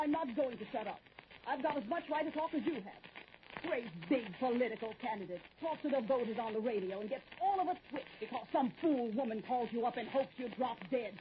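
A woman's voice: high-pitched, dull audio, lightly acted. A woman playing an indignant, nagging wife. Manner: scolding, aggrieved. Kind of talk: 1940s radio acting. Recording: hissy old radio broadcast.

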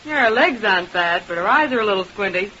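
A woman playing a sharp-tongued young dancer who answers with tart wisecracks, in 1930s radio acting. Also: medium pitch, animated, fast talker. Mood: sarcastic. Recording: lo-fi old radio recording with faint hiss.

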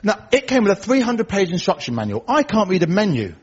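A man performing a stand-up comedy set, telling dry one-liners in a deadpan way and acting out other people's lines. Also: high voice, fairly quick, breathy edge. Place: comedy club stage before a laughing audience. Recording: dull live recording with audience noise. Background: audience laughter.

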